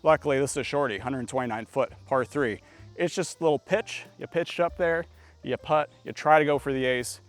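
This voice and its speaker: A chatty male vlogger talks through his throws in an easy, upbeat way, his pitch sitting right in the middle range. He gets excitable whenever a shot looks good. He is recorded outdoors with faint music underneath. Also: fairly quick. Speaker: disc golf YouTuber. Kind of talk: casual play-by-play commentary. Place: outdoor disc golf course.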